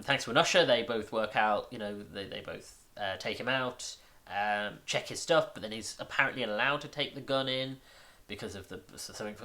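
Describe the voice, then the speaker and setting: A man's voice: mid-range voice, pushed and bright. A man casually recapping and reviewing a film, rambling with many restarts and fillers, amused and incredulous at the plot.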